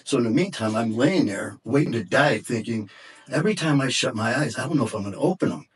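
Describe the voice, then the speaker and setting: A man's voice: medium pitch, expressive, quick pace, husky. A middle-aged man and podcast guest telling an intense, emotional story in conversation, profane and at times choked up. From Detroit area, USA.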